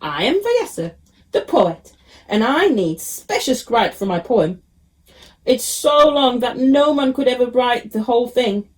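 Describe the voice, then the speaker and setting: An earnest old poet in a storybook announces himself in slow, emphatic phrases, played by a woman reading aloud. He sounds grand and sincere. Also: on the high side, lively intonation.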